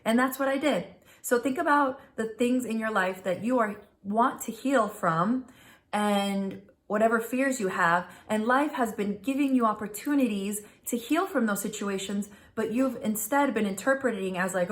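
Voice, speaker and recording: A woman's voice: mid-range voice, moderate pace. A middle-aged woman telling personal stories in a chatty, earnest vlog, addressing viewers directly as "you guys". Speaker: spiritual influencer, vlogger. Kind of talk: casual direct-to-camera storytelling.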